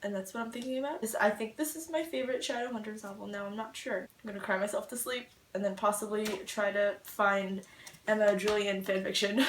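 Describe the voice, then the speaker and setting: With fairly even intonation and a slightly quick pace, a young woman's mid-range voice carries her casual, emotional book reaction vlog, peppered with "like." The home camera mic catches her from a distance, a little off-mic, in an echoey room with some hiss or hum.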